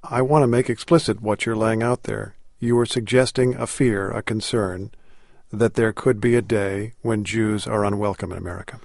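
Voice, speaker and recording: A man's voice: on the low side, fairly even intonation, normal speed, creaky, a little mellow, no echo, studio quality. A man hosting a news interview, asking probing questions. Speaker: interview host.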